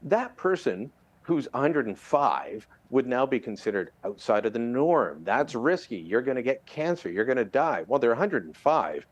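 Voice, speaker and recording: A middle-aged man from Canada talks through the news in a lively, conversational way. His pitch rises and falls a lot, and he slips into quick impressions of the people he quotes. It sounds like a relaxed interview segment. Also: lo-fi sound. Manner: animated, conversational, mimics quoted voices. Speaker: political contributor.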